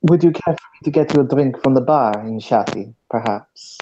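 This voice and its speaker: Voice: medium pitch, normal speed, warm tone, natural voice. Gm putting on a cool middle eastern servant lady, formal and clipped, dull hissy mic. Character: cool mysterious woman servant in black. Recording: dull lo-fi mic with background hiss.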